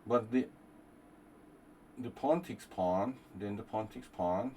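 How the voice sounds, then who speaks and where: A man's voice: fairly low pitch, slow pace, dark tone, slight background noise. A man hosting a live chess stream, thinking aloud through move lines with rambling asides. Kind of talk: live-stream commentary while playing.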